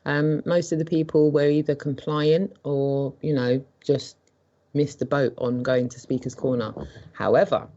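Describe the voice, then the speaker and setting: A woman's voice: low voice, a little slow. Chatty English woman on a muffled call. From England. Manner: chatty, relaxed, uses homely slang. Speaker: guest, street activist. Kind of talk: casual interview chat.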